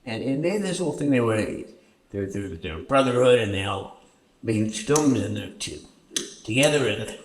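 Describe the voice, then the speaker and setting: A man from Canada answering audience questions at a festival screening, halting and repeating words often as he tells stories. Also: lowish voice, expressive, slight background noise. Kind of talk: festival Q&A storytelling. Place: festival stage Q&A.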